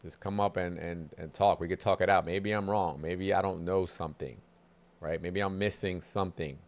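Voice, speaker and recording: Low-voiced argumentative man on a livestream. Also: steady tone, moderate pace. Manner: argumentative, preachy, reads comments aloud. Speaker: livestream host answering chat. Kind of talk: casual livestream chat, debating commenters.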